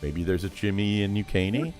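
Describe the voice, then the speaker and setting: A man co-hosting a hobby livestream in a casual chat, joking around with dark humor. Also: lowish voice, animated, a little fast, soft background music. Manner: jokey, slips into silly voices, dark humor.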